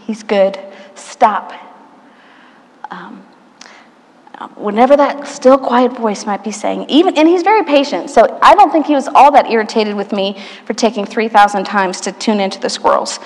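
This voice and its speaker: A woman preaching a sermon in a church, telling stories with playful asides and dropping to a soft hush at quiet moments. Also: medium pitch. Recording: church hall reverb.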